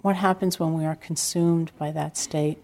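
Older female meditation teacher, low pitch, unhurried reflective talk with gentle humor. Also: creaky. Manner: calm, reflective storytelling with gentle self-deprecating humor. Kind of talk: dharma talk. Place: retreat center hall.

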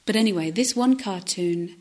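A woman giving a reflective meditation talk, speaking softly and haltingly, often dropping to a near-whisper. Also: mid-range voice. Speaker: meditation teacher.

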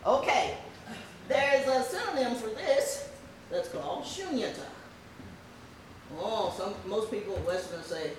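An older woman from the American South, with a Southern accent, giving a meditation teaching to a group with playful, laughing asides. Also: a little high. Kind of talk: dharma talk to a group. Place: meditation hall. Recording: echoey hall with faint room noise.

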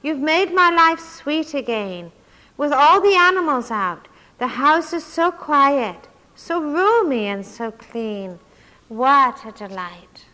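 A desperate poor man pleads in anguished bursts, as a woman reads his part aloud. The voice sits a little high with a forceful, bright tone. A long reverb trails each phrase, as in a big hall. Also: expressive, a little slow. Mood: overjoyed.

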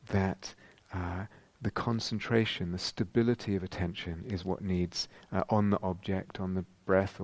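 Low gravelly male meditation teacher. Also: darkish tone, no echo. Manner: reflective, searching, frequent ums and rhetorical questions. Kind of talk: dharma talk.

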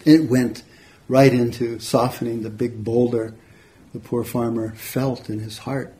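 A man, a meditation teacher, telling a story in a relaxed, conversational dharma talk. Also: mid-range voice, a little slow. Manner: relaxed, conversational, frequent "you know". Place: retreat center hall.

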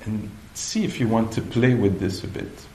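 A man giving a dharma talk at a meditation retreat, slow and hesitant, often pausing to search for the right words. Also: on the low side, warm tone, slight background noise. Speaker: meditation teacher. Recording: echoey room, faint ambience.

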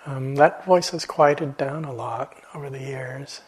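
A man teaching meditation in a gentle, reflective dharma talk, halting often and letting phrases trail off softly. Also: medium pitch, husky, low-quality recording. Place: meditation hall.

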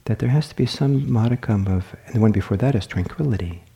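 A male meditation teacher gives a dharma talk in a low, mellow voice. He speaks gently and reflectively, pausing and restarting phrases as he feels his way toward each idea. The tone is warm and unforced. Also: creaky.

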